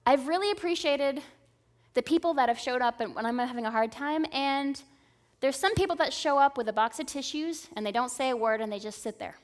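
A woman's voice: high-pitched, fairly quick. Earnest woman preaching a sermon. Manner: earnest, conversational preaching with rhetorical "right?". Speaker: speaker at a church service.

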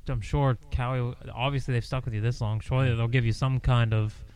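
A man's voice: medium pitch, steady tone, brisk, a little mellow, clear, resonant tone. A man co-hosting a podcast on a porch, making blunt, critical remarks in casual chat. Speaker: podcast co-host.

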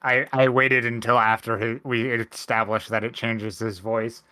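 A man hosting a casual podcast, chatting excitedly and reading out notes as he recaps a film. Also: medium pitch, unhurried. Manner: excitable, reads numbers off a script. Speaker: podcast host.

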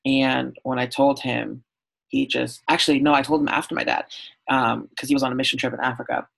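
A man's voice: mid-range voice, level tone, brisk, vocal fry, fairly bright tone, poor audio. A man from Southern California, a podcast guest, speaking candidly and from the heart, with frequent "um" and "like" in a conversational interview. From Southern California, USA. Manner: open, heartfelt storytelling with frequent "um" and "like".

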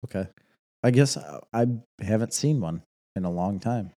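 A man's voice: lowish voice, lively intonation, normal speed, mellow. A man in his late thirties co-hosting a casual chat, teasing and jokey. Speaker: podcast co-host.

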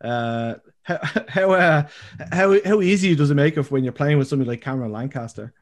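Host, male, slightly higher voice, friendly banter with stammered restarts. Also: fairly quick. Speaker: interviewer, host. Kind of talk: casual interview chat.

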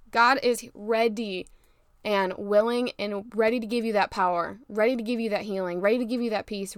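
A woman's voice: a little high, clear, resonant tone, no echo. Girl doing a fired-up preachy faith podcast, clean dry close mic. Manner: emphatic, preachy, fired-up encouragement. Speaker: podcast host. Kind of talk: faith-based motivational podcast talk.

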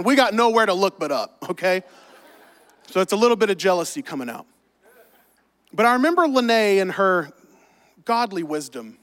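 A middle-aged pastor with a very high voice preaches with quick humor and asides to his congregation. His words ring out with a long reverb through a large church hall. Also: fairly bright tone. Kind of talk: sermon.

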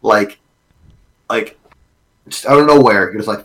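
A man's voice: on the low side, a little slow, fairly bright tone. A man in a casual podcast chat who rambles, fills his talk with "like" and restarts, and swears casually.

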